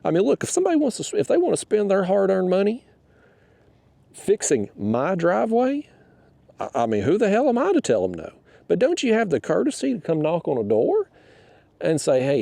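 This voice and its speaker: Gravelly, animated man on a kayak. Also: high-pitched, a little fast, no echo. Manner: rambling, fired-up, swears freely. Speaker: fishing vlogger. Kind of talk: casual storytelling to camera. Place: on a kayak outdoors on the water.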